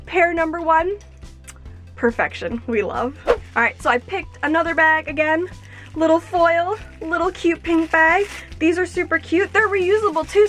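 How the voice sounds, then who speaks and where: High-voiced gushing young woman vlogger. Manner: gushing, excitable, fillers like "oh my gosh". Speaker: YouTuber. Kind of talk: unboxing vlog. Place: at home.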